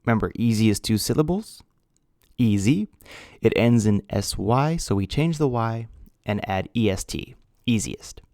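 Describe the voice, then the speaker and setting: Male ESL teacher, recorded lesson; measured and patient, spells things out; lowish voice, dry sound. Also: expressive, darkish tone, dry recording.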